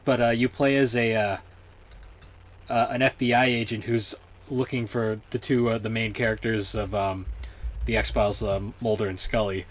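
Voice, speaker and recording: A man's voice: on the low side, steady tone, moderate pace. A young man co-hosting a casual gaming podcast, chatting loosely with lots of fillers and laughter. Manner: laughs often, many fillers. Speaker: podcast co-host. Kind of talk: casual chat.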